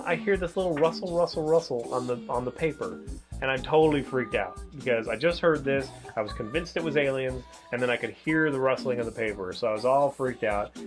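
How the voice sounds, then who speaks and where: A man co-hosting a review show in casual chat, a rambling and animated storyteller. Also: mid-range voice, brisk, soft background music.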